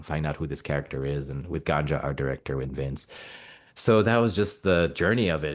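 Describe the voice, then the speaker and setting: Deep-voiced man telling stories. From Mauritania. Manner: animated anecdotes, acts out quoted dialogue. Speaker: actor, guest. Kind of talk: casual interview storytelling.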